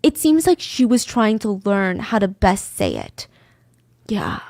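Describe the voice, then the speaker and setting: A woman's voice: mid-range voice, wildly swooping pitch, a little slow, gravelly, darkish tone, no room sound, clean studio sound. A woman hosting a podcast, telling a true-crime story in a casual, chatty way and dropping into whispers for suspense. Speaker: podcast host.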